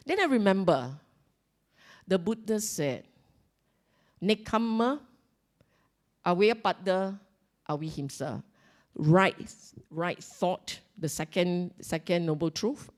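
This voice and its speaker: A middle-aged woman with a Singaporean accent gives a Buddhist Dhamma talk to a congregation, emphatically repeating her key points and asking the listeners questions. Her lowish voice has lively intonation, and she speaks slowly with long pauses.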